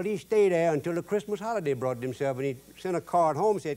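A man's voice: mid-range voice, fast, darkish tone. A man with a Cajun accent hosting a cooking show, telling folksy stories in a drawl with loose Cajun grammar. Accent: Cajun Louisiana. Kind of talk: folksy cooking demo with jokes.

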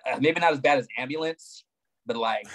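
A man's voice: mid-range voice, moderate pace, poor audio. A man co-hosting a casual movie review chat, joking and laughing often. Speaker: podcast co-host.

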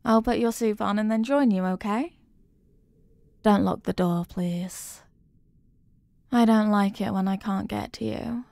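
A woman voicing a clingy, possessive young girlfriend in a whispered role-play, soft and doting. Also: medium pitch, measured pace, creaky, long pauses, no echo.

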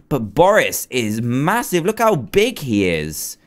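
A man hosting a game video, commenting excitedly with frequent gushing exclamations. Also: medium pitch, slow pace, few pauses. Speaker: gaming video host. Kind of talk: let's play commentary.

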